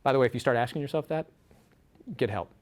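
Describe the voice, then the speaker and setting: A man giving a lecture to a small group, animated, acting out quotes from the book. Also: mid-range voice, quick pace, a crowd in the background. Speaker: speaker. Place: room with a small audience. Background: audience laughter.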